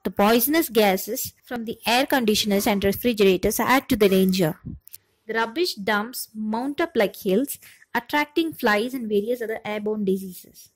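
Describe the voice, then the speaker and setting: A woman's voice: medium pitch, normal speed, dry recording, lightly acted, rough recording. A woman voicing the wind, which apologizes and explains itself in a storybook. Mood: apologetic. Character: apologetic, helpless polluted wind.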